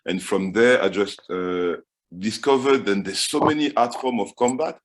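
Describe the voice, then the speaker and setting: Low-voiced stammering French-accented man. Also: moderate pace. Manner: stammering, repeats words. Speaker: guest fitness coach. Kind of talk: casual video-call interview.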